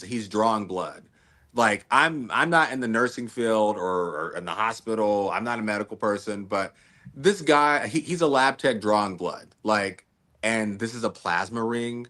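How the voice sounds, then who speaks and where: A man's voice: medium pitch, animated, moderate pace, sharp tone. A man co-hosting a casual recap chat, rambling through his theory with many "like"s and restarts. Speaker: podcast co-host.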